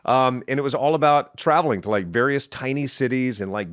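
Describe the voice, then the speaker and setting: A man's voice: mid-range voice, brisk, smooth, dry recording, studio quality. A middle-aged man from Texas, a guest who tells stories animatedly and slips into voices. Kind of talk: casual storytelling.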